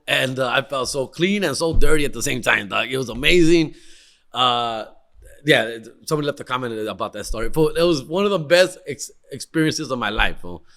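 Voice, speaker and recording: Telling casual, wild stories on his podcast, this young man is slangy and excitable, mixing in Spanish. The voice is forceful and tense, slightly higher than typical for a man, with a moderate pace and vocal fry.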